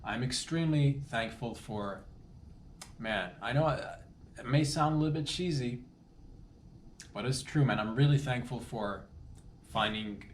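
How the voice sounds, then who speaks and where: A man with a lowish voice talks casually and earnestly to his listeners, often restarting his sentences as he goes. The sound is roomy and echoey, with a faint layer of noise behind him. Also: fairly bright tone. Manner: rambling, earnest, self-interrupting. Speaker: comedy podcast host. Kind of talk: casual heartfelt monologue. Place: Toronto.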